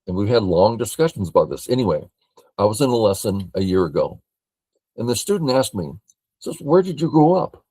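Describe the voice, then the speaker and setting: An older man from California reviewing a board game as a teacher, thinking aloud in a slow, matter-of-fact way. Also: on the low side, sing-song, mellow, breathy edge, no room sound.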